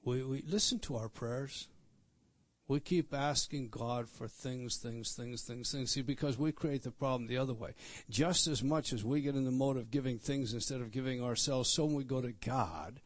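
Emphatic pastor preaching. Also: male voice, mid-range voice, normal speed. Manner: repetitive, emphatic teaching, pointing out words on a text; restarts and stresses words, rising loud on key points. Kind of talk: expository sermon.

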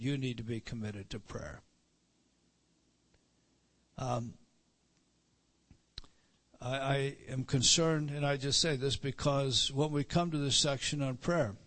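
A man's voice: medium pitch, a bit bright. A man preaching a Bible teaching sermon, with frequent restarts and repeated words, rising for emphasis on key phrases.

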